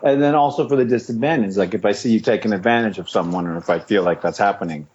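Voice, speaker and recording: A man's voice: on the low side, fast talker. A middle-aged man, a retired fighter, chatting as a guest and animatedly acting out quotes as he tells his stories. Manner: animated storyteller, acts out quotes, laughs often. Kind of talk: casual interview chat. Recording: dull lo-fi podcast audio.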